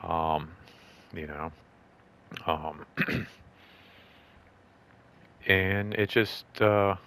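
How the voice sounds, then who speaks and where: A man's voice: low voice, extremely slow, sharp tone, clear, resonant tone. A man hosting his own show, telling a long story from work in a rambling casual way, full of "like" and restarts, and acting out both sides of the conversations. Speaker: show host.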